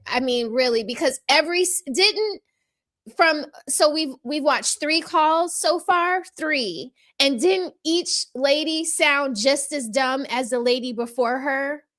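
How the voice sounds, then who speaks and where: A woman's voice: high-pitched, a bit bright. A woman hosting a casual livestream show from home, reading viewer comments and giving sassy, chatty commentary with frequent laughs. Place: home room with a window open. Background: dog barking.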